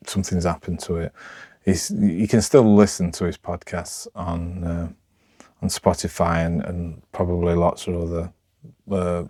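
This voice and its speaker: A man with a Sheffield accent talking unscripted to camera, rambling and halting with lots of restarts, in a rough, broad way of speaking. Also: low voice, darkish tone, no echo, clean studio sound. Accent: Sheffield, Yorkshire. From Sheffield, England. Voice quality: rough, broad local speech. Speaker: vlogger.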